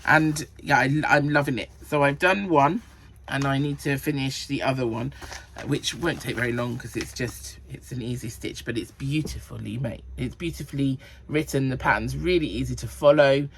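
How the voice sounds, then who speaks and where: A woman's voice: very deep voice, moderate pace, a little hiss or hum. A woman hosting a knitting podcast, chatting casually about her projects and counting rows and sizes under her breath. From Cornwall. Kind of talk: casual chat.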